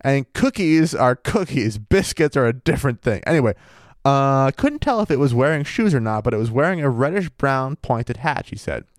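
A man co-hosts a relaxed podcast, reading out a spooky account and breaking off to joke and swear. His voice sits at an ordinary middle pitch. The recording is close and dry with no room sound. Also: normal speed, few pauses, dry recording. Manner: laid-back, profane, laughs often. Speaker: podcast co-host reading a paranormal story. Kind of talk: casual chat with read-aloud passages.

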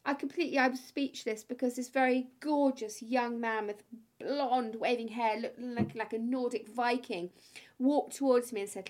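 A woman's voice: a little high, steady tone, normal speed. A woman hosting a casual podcast interview, bubbly and playful, laughing often. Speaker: podcast host.

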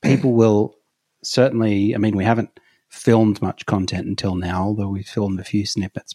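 Lower-voiced Australian man, dry home mic. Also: no room sound. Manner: laughs often, relaxed storytelling. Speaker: podcast co-host. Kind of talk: casual comedic chat. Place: home office.

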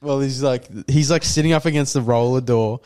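Speaking at a fairly quick clip in a medium-pitched voice, this man co-hosts a podcast and tells a story packed with profanity. His casual retelling is lively, with quotes he acts out.

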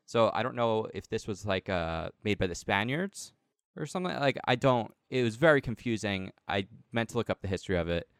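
Dry, clear-voiced man rambling casually. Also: lowish voice, big pitch swings, brisk, a bit bright, dry recording. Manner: rambling, heavy use of "like" and "um". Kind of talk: casual chat.

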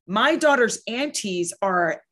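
A woman's voice: medium pitch, animated, slow, fairly bright tone. Earnest woman talking about parenting. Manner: earnest, emphatic, acts out quoted voices. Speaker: podcast host and guest speaker. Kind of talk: casual conversational chat.

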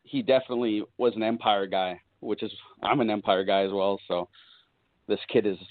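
A man chatting as a guest, speaking thoughtfully and hesitantly, often clearing his throat. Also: on the low side, steady tone, normal speed, no echo. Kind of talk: casual chat over a call. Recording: tinny call audio, dry.

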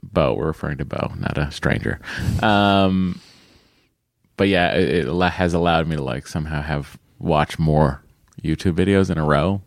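A man's voice: rumbling low, moderate pace, vocal fry, no room sound, studio quality. A man from New England co-hosting a podcast in casual chat, joking and rambling with self-deprecating asides. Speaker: podcast co-host.

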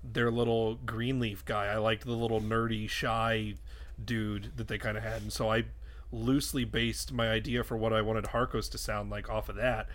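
A man's voice: fairly low pitch, little pitch movement, moderate pace, a bit bright. A man co-hosting a podcast in casual chat, rambling with frequent swearing and restarts. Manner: rambling, swears often, self-interrupting restarts. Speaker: podcast co-host and editor. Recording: raw podcast mic.

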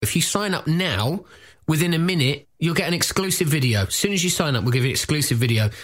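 A man's voice: a little high, lively intonation, a bit bright. A man co-hosting a comedy podcast, teasing his partner and plugging a gig in casual banter. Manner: playful, teasing, quick plugs.

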